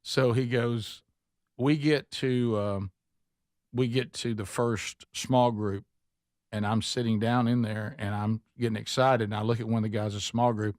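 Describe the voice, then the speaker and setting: A man's voice: medium pitch, a little mellow, no room sound, studio quality. A male talk show host, telling stories in a casual way and acting out the people he quotes, with many stammered restarts.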